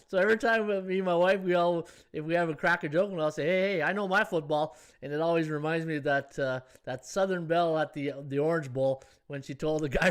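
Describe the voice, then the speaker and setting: Chatty sports-betting host. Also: male voice, on the high side, clear, resonant tone. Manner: rambling, chatty, laughs easily, reads out viewer comments. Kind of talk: casual live-stream chat.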